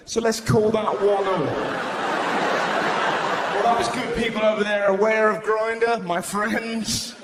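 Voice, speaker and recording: Male stand-up, high-pitched, animated, live venue with loud ambience. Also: measured pace, echoey room, heavy background noise. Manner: animated, acts out voices, shouts punchlines. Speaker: stand-up comedian. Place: large live venue stage.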